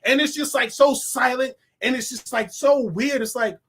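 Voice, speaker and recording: A man giving a casual, animated movie review, laughing often and talking in loose slang. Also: very high voice, normal speed, slightly rough. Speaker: film reviewer.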